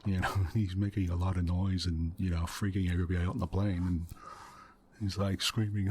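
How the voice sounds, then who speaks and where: A deep-voiced man talks quietly as the host of an ASMR gaming session. He meanders through a long story with soft chuckles and many fillers, close to a desktop mic. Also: level tone, normal speed, breathy edge. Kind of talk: soft-spoken ASMR let's play chat.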